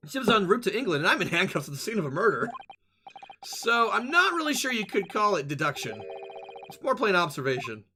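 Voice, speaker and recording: A man's voice: sits high, big pitch swings, brisk, background noise. A man doing a skeptical young lawyer.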